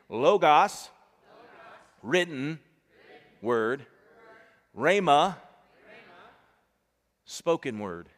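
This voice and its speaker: A male pastor preaching a sermon to a congregation, animated and emphatic, calling out to the people. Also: on the low side, long reverb tail. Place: church stage before a congregation.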